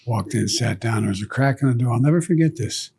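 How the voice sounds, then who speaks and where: An older man, a guest, recalling childhood stories in a relaxed conversation, often dropping to a low murmur. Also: fast talker, slight background noise. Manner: reflective anecdotes, trailing to a low murmur. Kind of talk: storytelling in conversation.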